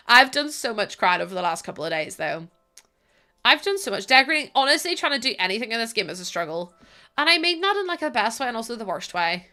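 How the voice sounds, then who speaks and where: A woman's voice: a little high, very animated, brisk, sharp tone, faint music behind. A woman streamer chatting casually with her live chat while gaming, bubbly and giggly, rambling from one thought to the next.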